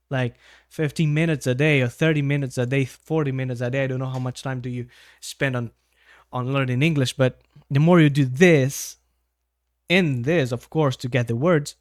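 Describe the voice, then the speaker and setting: A man's voice: medium pitch, no echo, clean studio sound. A young Brazilian man with a Brazilian Portuguese accent, a native Portuguese speaker, teaching English in a casual chat and often asking "right?". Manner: conversational, frequent tag questions. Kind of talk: casual video-call style lesson.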